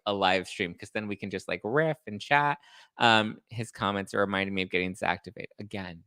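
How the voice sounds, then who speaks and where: A man hosting a live stream and recapping reality TV in a fast, chatty, sassy way, throwing shade. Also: medium pitch, pushed and bright, dry recording, studio quality. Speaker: podcast host recapping reality TV.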